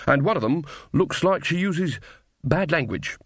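A man's voice: a little high, expressive, a little slow, a bit bright, husky, no room sound, studio quality, voice pushed up, exaggerated voice. A man doing an earnest young witch.

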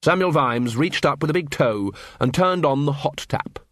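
Man narrating a story with lively pitch. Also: normal speed, dry recording, clean studio sound. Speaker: audiobook narrator. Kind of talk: scripted narration.

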